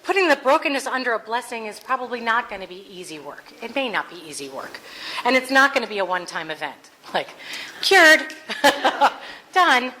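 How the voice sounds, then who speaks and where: A woman's voice: fairly high pitch, animated, fast, sharp tone, slight background noise, low-quality recording. A woman preaching a conversational Sunday sermon, earnest with playful asides. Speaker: minister.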